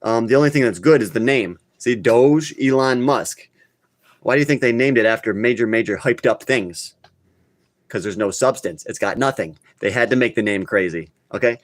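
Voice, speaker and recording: A man's voice: medium pitch, normal speed, no echo. A man hosting a live crypto talk stream, talking casually and bluntly, getting worked up and scolding his viewers. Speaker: crypto channel host.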